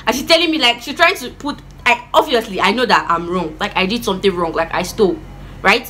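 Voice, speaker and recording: A young woman with a Nigerian accent telling a dramatic storytime vlog, animated and expressive, slipping in pidgin words. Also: mid-range voice, brisk, a little hiss or hum. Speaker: vlogger.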